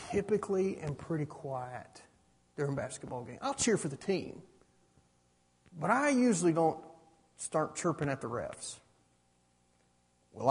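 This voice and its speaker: A middle-aged man preaching with a high, husky voice that swings widely in pitch. He drives his argument with rhetorical questions, and his words ring out in a hall with a long echo. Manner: repeats "you understand that?" with rhetorical questions. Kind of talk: sermon. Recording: reverberant hall.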